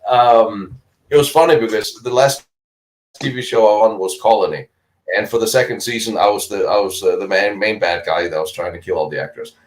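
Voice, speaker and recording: A man's voice: on the low side, brisk, low-quality recording. A middle-aged man from Denmark, co-hosting a casual live-stream chat, a chatty storyteller who laughs often and acts out the voices of other people.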